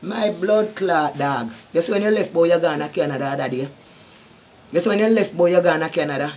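This man's voice sits on the high side, fairly quick and a little mellow, carrying a Jamaican accent. In his furious social media rant he swears nonstop, stumbles over repeated words, and stays combative throughout.

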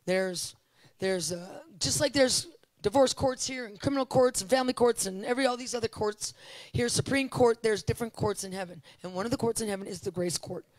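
A middle-aged woman preaching at a conference, telling testimonies in an animated, emphatic way and repeating phrases for emphasis. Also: a little high, a little fast, dry recording, low-quality recording.

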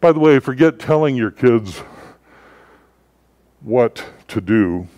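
A man giving a sermon as a pastor, telling stories in a relaxed, conversational way with frequent filler words. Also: mid-range voice, slow, no room sound, studio quality.

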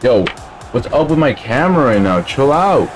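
Male streamer, mid-pitched voice, slangy and grumbly, chatting to chat over loud music. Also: sing-song, normal speed, some chatter behind. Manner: slangy, grumbling, calls listeners bro. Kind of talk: casual live-stream chatter.

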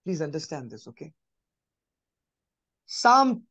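An emphatic preacher gives conversational Bible teaching in an animated voice at normal speed, recorded dry. He repeats key phrases and sometimes drops to a soft, low voice.

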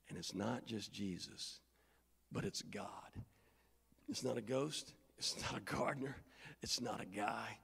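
A man's voice: medium pitch, gravelly, breathy edge, big-room sound. A middle-aged male pastor from Indiana preaching a sermon and telling stories, acting out the voices of the people in them. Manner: animated storytelling, acting out voices. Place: church sanctuary.

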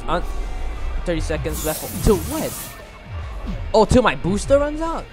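Excitable swearing gamer, higher voice. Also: male voice, measured pace. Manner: excitable, swearing, thinking aloud. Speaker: gamer playing a mech game. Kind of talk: gameplay commentary. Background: background music.

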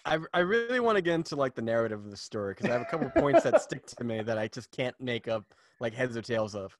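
A man's voice: mid-range voice, lively intonation, fast, slight background noise. A man who is a guest reviewer in a casual movie discussion, wry and emphatic, stretching his fillers.

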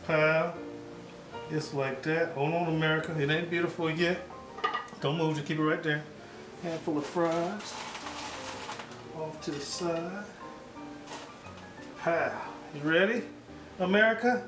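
A man's voice: fairly high pitch, measured pace, pauses often, roomy sound, music in the background, poor audio. A man hosting a casual home cooking show, joking and hyping each step straight to his viewers.

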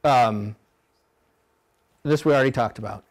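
Blunt, animated male rowing coach. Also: a little slow. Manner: blunt, animated, mimics rowers in high voices. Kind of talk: coaching clinic talk.

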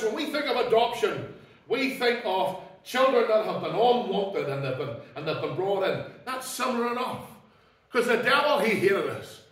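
A man preaching a sermon as pastor, emphatic, swinging between loud declarations and low, quiet asides. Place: church. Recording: echoey church hall, mic at a distance.

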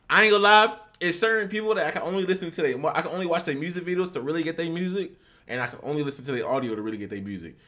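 A young man hosting a reaction video, talking loudly and excitedly in casual slang. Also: fairly high pitch, racing, soft background music. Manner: loud, excitable slangy talk.

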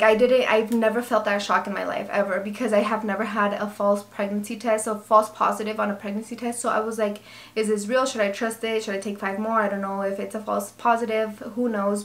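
A woman in her twenties telling a personal story to camera in an excited, chatty way. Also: on the high side. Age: 20s. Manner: excited, animated retelling with many asides. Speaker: vlogger.

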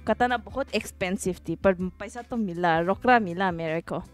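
A woman's voice: mid-range voice, racing, soft background music. A young woman with an Indian accent, casually chatting and joking with her livestream viewers. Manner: playful, giggly, greets chat viewers. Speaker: livestream host. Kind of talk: casual stream chat.

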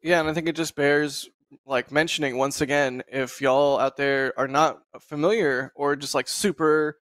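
A man hosting a casual live stream, talking in a relaxed, rambling way with frequent laughs over a video call. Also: on the high side, normal speed, no room sound. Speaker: host.

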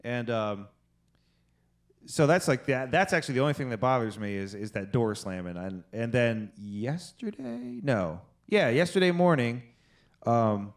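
A man's voice: mid-range voice, animated, a little slow. Man cursing through a rambling story. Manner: rambling, swears a lot. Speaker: podcast co-host. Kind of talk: casual chat.

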